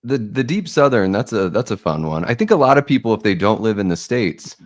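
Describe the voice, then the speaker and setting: A man's voice: lowish voice, expressive, fairly quick. A man co-hosting a live horror stream, chatting in an easygoing way. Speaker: podcast co-host. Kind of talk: casual podcast chat.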